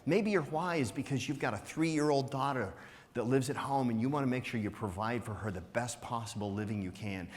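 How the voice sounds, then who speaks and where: Male keynote speaker, mid-pitched, upbeat and playful with the crowd, heavy rhetorical questions, recorded in a big echoing hall. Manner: energetic, teasing, asks rhetorical questions with frequent "right?". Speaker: conference speaker. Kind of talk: motivational business talk to a live audience. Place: conference hall with an audience. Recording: long hall reverb.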